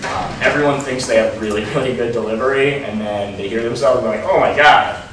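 A man teaching a seminar in a relaxed, casual way, with lots of ums and likes. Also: medium pitch, fast, noisy background. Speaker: dating coach. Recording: roomy echo, mic far off.

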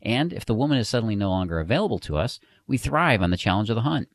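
A man with a very low voice reads scripted advice in an emphatic, direct, motivational manner. His pitch moves a great deal, pushing his points home with lively swings. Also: quick pace. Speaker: dating advice coach. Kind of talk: scripted instructional narration.

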